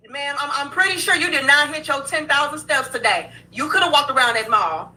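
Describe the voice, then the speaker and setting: A woman's voice: sits high, fairly quick, few pauses, sharp tone, recorded from a distance, soft background music, low-quality recording. A woman giving blunt, sarcastic reaction commentary in a scolding, casual tone.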